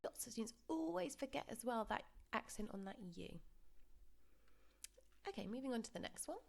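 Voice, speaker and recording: A woman teaching a lesson over slides, explaining pronunciation patiently and modelling words slowly for repetition. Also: on the high side, expressive, vocal fry, darkish tone. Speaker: Spanish teacher. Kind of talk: recorded classroom lesson.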